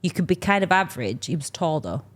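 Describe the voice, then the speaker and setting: A young woman with an English accent chats and teases on a podcast. Her voice sits unusually low for a woman, and she laughs easily between lines. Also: big pitch swings, fast talker. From England. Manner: teasing, laughs often. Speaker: podcast co-host. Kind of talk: casual chat.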